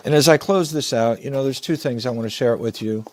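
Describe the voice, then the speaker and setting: Earnest man telling a story slowly. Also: mid-range voice, darkish tone. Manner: measured, earnest, slows down for emphasis. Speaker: motivational speaker. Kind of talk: storytelling talk.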